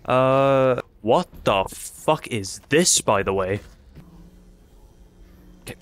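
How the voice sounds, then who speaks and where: A man's voice: mid-range voice, expressive, takes it slowly, long pauses, a little hiss or hum. A man commentating his own play of a game, nervous and profane, yelping and muttering to himself. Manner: jittery, swearing, yelps in panic. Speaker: gaming YouTuber. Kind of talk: live let's-play commentary.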